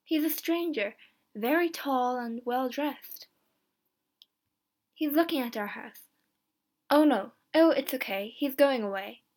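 Woman voicing an excitable old wife. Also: slow, pauses often. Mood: excited. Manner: exclaiming, rising high. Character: anxious old housewife, excitable.

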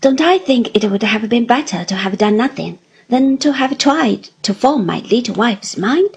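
A woman voicing an earnest, loving young husband in a storybook reading, with a gentle, reassuring manner. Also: fairly high pitch, animated, normal speed, vocal fry, husky, exaggerated voice. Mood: tender.

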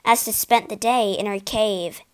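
A woman reading a fairy tale aloud as narrator, in a careful, expressive manner. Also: medium pitch, measured pace, smooth. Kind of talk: storybook read-aloud.

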